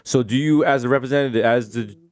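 A man co-hosting a podcast, rattling off joking shout-outs and nicknames in loose comedic banter. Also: medium pitch, quick pace, no echo, clean studio sound. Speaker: podcast co-host.

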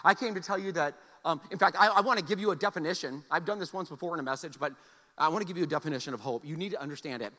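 A man preaching a sermon, telling a personal story with animated, loud exclamations and soft, earnest appeals. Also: fairly high pitch, rapid-fire. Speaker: pastor. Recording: long hall reverb.

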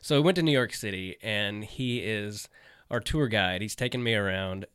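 Laid-back comedian, low and dry. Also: male voice, normal speed, clean tone, no room sound. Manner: laid-back, swears, animated when quoting friends. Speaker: stand-up comedian. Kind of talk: casual storytelling chat.

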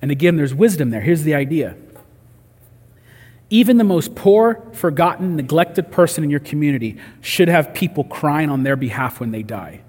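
A man's voice: on the high side, lively intonation, moderate pace, a little mellow, breathy edge, in a large hall. A man preaching a sermon in a conversational way, acting out the voices he quotes. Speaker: pastor.

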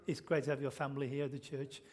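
A man's voice: mid-range voice, level tone, fast talker. A man preaching a sermon in church, chatty and informal, often asking the congregation questions and saying "okay". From Britain.

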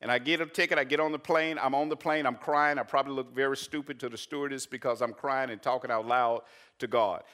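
A man, a pastor preaching and telling a personal story, rising to loud emphatic peaks. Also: medium pitch, fairly even intonation, fast talker. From Arkansas. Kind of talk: sermon.

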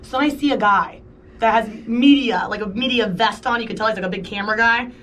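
A woman's voice: a little high, brisk, fairly bright tone, distant mic, slight background noise. A woman co-hosting a podcast, telling a story in casual chat and acting out the quoted dialogue. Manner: chatty, acts out quoted dialogue. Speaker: podcast co-host.

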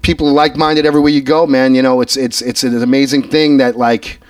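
A man's voice: mid-range voice, little pitch movement, quick pace, smooth, no echo, far from the mic. A man with a New York accent, a guest musician talking casually in an interview, rambling and repeating himself with lots of "you know"s.

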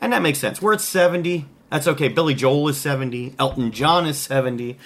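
A man's voice: medium pitch, a little fast, fairly bright tone. A man hosting a casual podcast chat, laughing often, rambling and restarting, at times talking while eating. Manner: laughing, rambling, self-interrupting. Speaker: podcast host.

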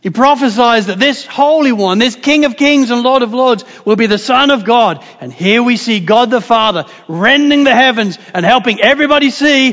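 High-voiced pastor in an echoing hall. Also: male voice, animated, normal speed, hardly any pauses. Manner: passionate, swings from loud proclamation to hushed tenderness. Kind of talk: sermon. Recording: long reverb, hall.

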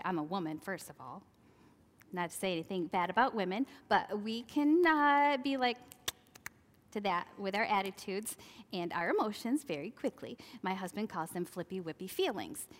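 A woman in her forties giving a chatty devotional talk, laughing at herself and acting out quoted lines. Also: mid-range voice. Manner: chatty, laughing asides, animated quoting. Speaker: Christian speaker. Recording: long hall reverb.

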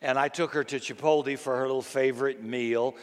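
An older man, a grandfather, preaching a sermon in a folksy, storytelling way, slow and deliberate. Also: medium pitch, steady tone. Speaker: pastor. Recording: long hall reverb.

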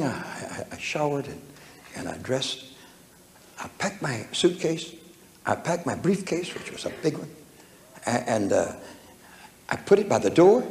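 Gravelly man preaching a folksy sermon. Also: fairly high pitch, darkish tone. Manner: folksy, humorous storytelling with chuckles. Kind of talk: storytelling sermon. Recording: echoey hall with faint room noise.

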